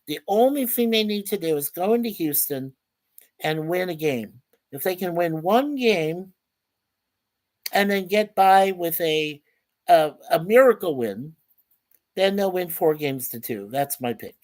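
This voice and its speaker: A man's voice: high voice, lively intonation, a little slow, darkish tone. A chatty man hosts a casual livestream in an easygoing, rambling way. He reads out viewer comments, welcomes people one by one, and trips over his words now and then. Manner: chatty, stumbles and repeats words. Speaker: livestream host.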